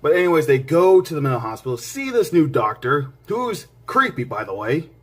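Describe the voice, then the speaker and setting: A man hosting his own movie review vlog, talking in an excited, rambling way with lots of restarts and side remarks, jumping between loud bursts and quiet mutters. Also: a little high, a little fast, faint music behind. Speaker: movie reviewer and channel host. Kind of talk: casual spoken movie review.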